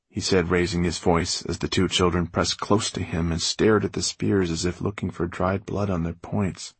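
A man narrating a novel aloud with expressive storytelling. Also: low-pitched, normal speed, few pauses, breathy edge, dry recording. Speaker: audiobook narrator. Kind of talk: scripted narration.

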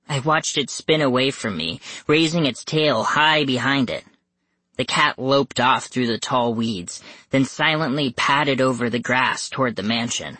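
An audiobook narrator reading a first-person spooky story slowly and suspensefully. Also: medium pitch, bright, forceful tone, no echo. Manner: slow, measured and suspenseful, rising tense at scary moments. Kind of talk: first-person scripted horror narration for young readers.

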